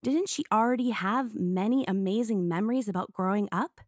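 A woman narrating an audiobook in a clear storytelling manner. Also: medium pitch, normal speed, a little mellow, no room sound, studio quality. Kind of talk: scripted narration.

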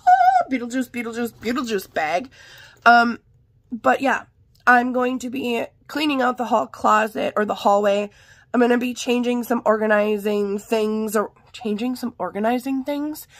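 A hoarse, sick woman rambling chattily through a casual haul vlog from her home office. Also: on the high side, no echo. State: hoarse from illness. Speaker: haul vlogger. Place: home art room and office.

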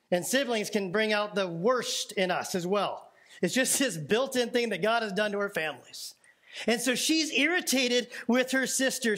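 High-voiced male pastor preaching. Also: a bit bright. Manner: conversational, playful, asks the congregation questions. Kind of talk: sermon. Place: church sanctuary.

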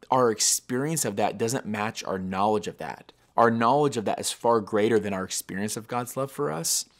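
A man hosting a daily devotional podcast, speaking in an earnest, reflective way that turns emotional at times. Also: medium pitch.

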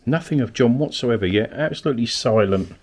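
A man, from Kent, talks his way through a ghost hunt inside an abandoned cottage at night. He coaxes unseen spirits with polite questions and pleases. His pitch swings widely from high to low. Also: lively intonation, fairly quick, a little mellow. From Kent, England. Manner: coaxing, calls out politely to spirits. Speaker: paranormal investigator. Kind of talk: ghost-hunting narration.

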